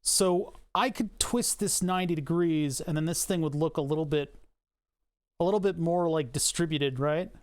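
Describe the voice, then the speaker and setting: At a normal speed and a slightly high pitch, a male streamer talks casually with his livestream chat as he designs. He rambles and jokes with the viewers, often making fun of himself.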